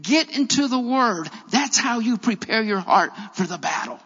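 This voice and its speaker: A man's voice: high-pitched, animated, normal speed, sharp tone, breathy edge. A man preaching a sermon in a church, emphatic and repeating his key phrases. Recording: reverberant, dull lo-fi sound.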